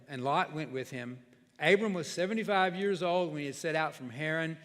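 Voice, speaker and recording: A male pastor preaching in a church sanctuary, his voice sitting a little higher than most men's. He talks in a plain, conversational way and often restarts his sentences. The sound carries a long hall reverb. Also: moderate pace, a bit bright. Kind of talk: sermon.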